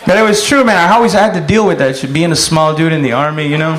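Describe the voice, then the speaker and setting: A man doing a profane stand-up routine, telling stories and shouting out loud impressions. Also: on the high side, quick pace, a loud crowd. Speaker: stand-up comedian. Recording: echoey room with loud noise.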